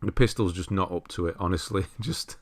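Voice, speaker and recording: Low-voiced man commentating gameplay. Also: a little fast. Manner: relaxed, chatty, laughs at himself, self-correcting. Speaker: walkthrough commentator.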